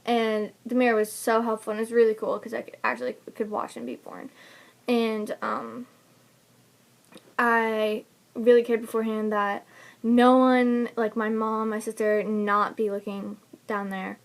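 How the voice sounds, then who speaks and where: A woman's voice: on the high side, little pitch movement, a little slow, gravelly. A young woman casually telling the story of giving birth, chatty and laughing often between fillers. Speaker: new mother telling her birth story. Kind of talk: casual personal vlog storytelling.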